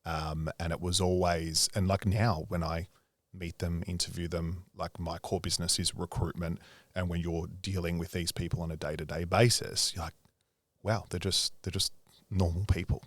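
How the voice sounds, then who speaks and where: A man's voice: sits low, flat delivery, moderate pace, no echo. A man hosting a casual interview, thoughtful and agreeable. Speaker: interviewer, recruitment business owner.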